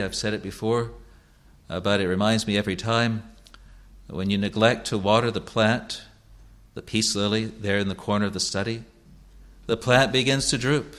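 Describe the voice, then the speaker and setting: A man preaching a sermon to his congregation as their pastor, speaking in an earnest, measured way and repeating phrases for emphasis. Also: on the low side, a bit bright.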